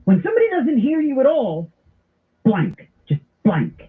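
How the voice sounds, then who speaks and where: Animated talk radio man, tinny sound. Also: extremely high pitch, unhurried. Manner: animated storyteller with comic impressions. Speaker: radio host. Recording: tinny phone-like broadcast audio.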